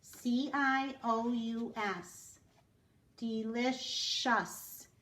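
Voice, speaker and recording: Brief: woman phonics teacher, very slow and deliberate, echoey room. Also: a little high, expressive. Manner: slow, careful, drawn-out word sounding. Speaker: reading teacher. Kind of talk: phonics lesson for children.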